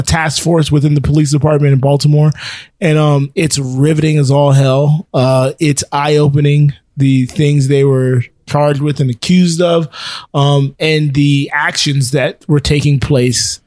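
Podcast co-host, male, slightly high, chatty and rambling, dry close mic. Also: a little mellow, no room sound. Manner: rambling, laughs often, many fillers. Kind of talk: casual chat.

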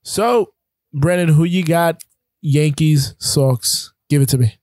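A man hosting a casual sports podcast, chatting about the playoffs with quick asides and frequent ums. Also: a little high, darkish tone, no echo.

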